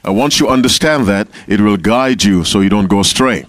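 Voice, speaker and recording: A man's voice: lowish voice, fairly quick, no echo. Man teaching a Bible class. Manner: calls on members to read, repeats key phrases.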